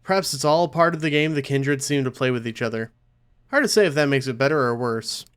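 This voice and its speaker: A man's voice: mid-range voice, brisk, a bit bright, smooth. A man playing a story game, reading the narration aloud and adding casual asides of his own. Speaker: let's play host. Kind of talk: reading a visual novel aloud with commentary.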